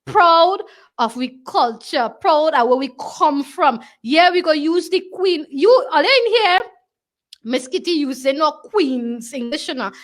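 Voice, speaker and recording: A woman's voice: sits high, lively intonation, unhurried. A woman with a Tobago accent, hosting a talk show and chatting to the audience in dialect. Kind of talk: lively studio show hosting.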